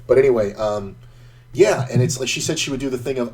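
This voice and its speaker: A man's voice: mid-range voice, a little fast, darkish tone. A man streaming an online poker game, casually telling a rambling, profanity-laced story between hands.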